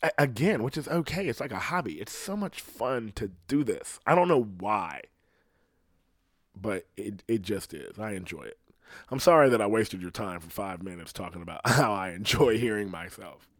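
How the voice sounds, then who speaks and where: A man's voice: on the low side, lively intonation, normal speed, no room sound, studio quality. A man with a slight lisp, hosting his own podcast in a casual, rambling solo monologue full of swearing. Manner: profane, rambling rant. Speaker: podcast host.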